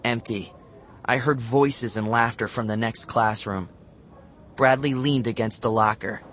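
A man reading a children's novel aloud as an audiobook narrator. His delivery is lively and expressive, at a middle pitch. A faint background hum sits under the voice. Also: unhurried.

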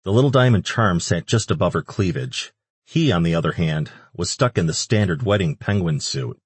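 A man narrating an audiobook in a measured, even reading. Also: sits low, husky, dry recording. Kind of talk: scripted narration.

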